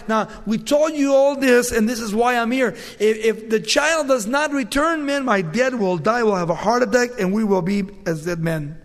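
A man preaching a sermon, retelling a scripture story with lively, casual asides. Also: very high voice, normal speed, few pauses. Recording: long reverb.

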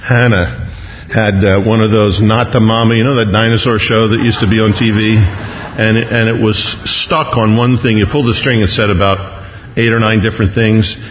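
Preacher guy telling stories in his sermon, kinda low voice, dull lo-fi echoey church recording. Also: little pitch movement, normal speed, slight background noise. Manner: chatty storyteller, self-mocking, laughs often. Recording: echoey hall, dull lo-fi sound.

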